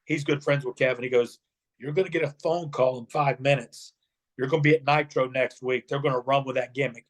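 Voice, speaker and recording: A man's voice: mid-range voice, brisk. A middle-aged man, a former wrestler, telling stories in an interview and acting out the voices of the people in them. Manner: animated storyteller acting out quotes. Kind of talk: storytelling interview.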